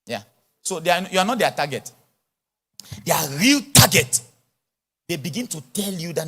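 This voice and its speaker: In a large church or conference hall, a high-voiced man gives a sermon at normal speed, pausing often, with a breathy edge. His delivery is animated, speaks with an influence, blends in pidgin English, and includes acted-out dialogues.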